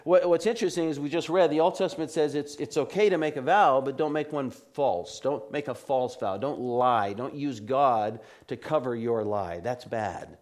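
A man preaching an earnest expository sermon, reading scripture slowly and carefully. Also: mid-range voice, a little mellow. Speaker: pastor.

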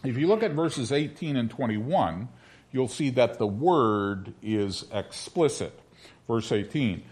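Lively, wry male preacher. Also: mid-range voice. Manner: lively, wry preaching with slow, emphatic scripture reading. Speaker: pastor. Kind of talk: sermon.

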